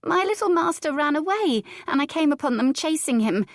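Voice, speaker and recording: A woman's voice: high-pitched, expressive, a little fast, dry recording, studio quality, voice pushed up. A woman reading an audiobook voices a flustered, rustic young nursemaid who pleads and defends herself anxiously. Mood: pleading. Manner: pleading, defensive, broad country speech.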